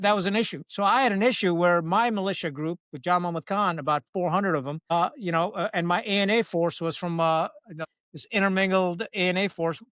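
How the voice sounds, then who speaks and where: A man speaking as a podcast guest, telling his stories bluntly and with salty language. His voice sits fairly high. The room sound is dry, with almost no echo. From Pakistan. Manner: blunt, salty, animated storyteller. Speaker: podcast guest, retired Marine officer. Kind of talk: candid conversational storytelling.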